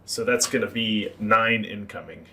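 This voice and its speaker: A man acting as game master, narrating a tabletop game and explaining rules with relaxed fillers. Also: lowish voice, unhurried.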